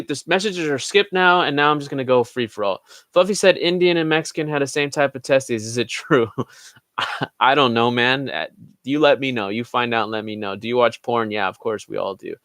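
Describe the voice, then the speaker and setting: Hosting a casual livestream Q&A, a young man reads viewers' chat questions aloud and answers them offhandedly, swearing freely. His mid-range voice is smooth and a bit bright, and there's no room sound.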